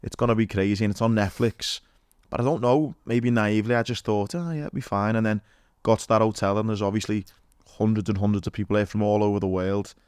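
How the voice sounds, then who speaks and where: A man hosting a podcast, chatting casually and quickly with lots of "like" fillers. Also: fairly low pitch, fairly even intonation, a little mellow, smooth, dry recording, clean studio sound. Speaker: podcast host. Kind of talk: casual chat.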